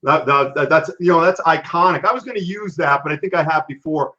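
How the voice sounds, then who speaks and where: Man, 50s, live stream host, chatty, sidetracked, higher voice, dull lo-fi sound. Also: a little fast, sharp tone. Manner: chatty, jumps to reading viewer comments. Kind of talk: casual live stream chat.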